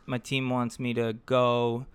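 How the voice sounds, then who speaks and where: Animated man in casual sports chat. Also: medium pitch, smooth, no echo. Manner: animated, swears, quick asides. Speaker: podcast co-host.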